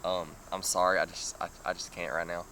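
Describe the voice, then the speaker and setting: A man with a lowish but bright, forward voice rambles through a personal story in a casual vlog tone. He leans on fillers and lets out nervous little laughs. Faint crickets chirp behind him. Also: little pitch movement, brisk, slight background noise. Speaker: vlogger.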